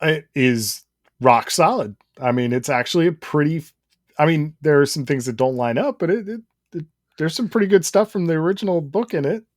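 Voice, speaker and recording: Male podcast co-host, relaxed and laughing, dry close-miked sound. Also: fairly high pitch, brisk, no echo. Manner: easygoing, laughs often. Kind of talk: casual comedic chat.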